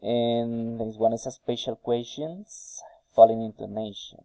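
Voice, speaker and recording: A man reading intonation drill sentences aloud slowly and carefully for a phonetics task, with a few hesitant fillers. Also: medium pitch, level tone, gravelly, mellow, no room sound, low-quality recording. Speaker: student recording a phonetics task.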